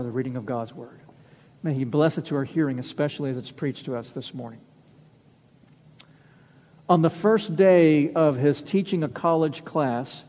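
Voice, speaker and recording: A man preaching a sermon, an earnest storyteller who slows down for emphasis, recorded in a church sanctuary. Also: a little high, warm tone. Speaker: pastor. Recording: dull lo-fi sound with long church reverb.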